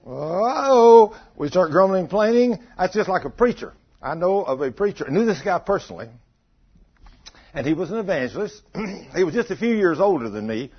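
A man's voice: sits high, sing-song, a little fast, slightly rough. A man preaching a folksy, conversational sermon and acting out the voices he quotes. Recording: muffled lo-fi recording.

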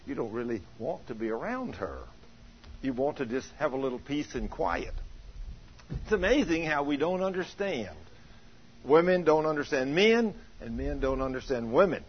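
A man pastor giving a folksy, story-filled sermon, animated and acting out the people he quotes, now and then breaking into a shout. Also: medium pitch, breathy edge. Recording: dull lo-fi recording.

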